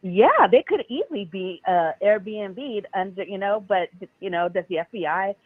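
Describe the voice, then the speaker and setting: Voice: mid-range voice, moderate pace. Caller on a tinny phone line. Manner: relaxed, agreeable, lots of filler words. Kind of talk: casual phone call-in chat.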